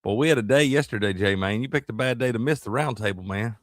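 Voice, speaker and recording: A man's voice: mid-range voice, fast talker, no echo, clean studio sound. A man co-hosting a live sports betting show, bantering casually with slang and greeting viewers. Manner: easygoing, drawling banter with slang. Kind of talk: casual live-stream chat.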